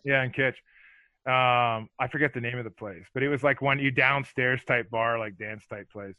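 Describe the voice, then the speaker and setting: A man's voice: medium pitch, moderate pace, no room sound, rough recording. A man telling rambling, profane stories in a casual chat, full of filler words and acted-out lines. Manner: animated, acts out other people's lines.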